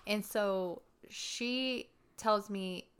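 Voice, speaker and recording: A woman chats casually, recounting a personal story with candid, animated energy. Her voice is bright and crisp, smooth and clear. She peppers her telling with "like". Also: medium pitch, extremely slow. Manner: candid, animated retelling with frequent "like". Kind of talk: casual chat.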